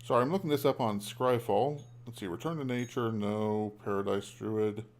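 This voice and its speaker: A man giving casual commentary while playing a card game, thinking aloud with a hesitant, halting manner and frequent ums. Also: fairly low pitch. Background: background music.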